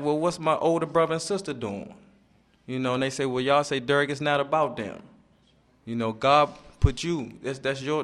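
A middle-aged man speaks at a recovery meeting, earnest and halting, repeating himself as he works through what he wants to say. His pitch sits in an ordinary middle range. The talk is personal testimony, unpolished and sincere. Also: fairly bright tone.

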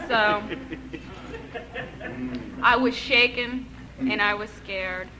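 A woman's voice: a little high, steady tone, slow pace, pauses often, bright, forceful tone, a faint crowd, a little hiss or hum, rough recording. A woman in her thirties giving an earnest, emotional personal testimony, with touches of wry humor. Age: 30s. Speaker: speaker sharing her recovery story.

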